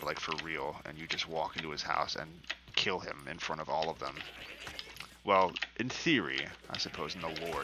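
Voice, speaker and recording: A man giving casual, profane, excitable commentary while playing a video game. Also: rumbling low, vocal fry, background noise. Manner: profane, excitable trash talk. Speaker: gaming commentator.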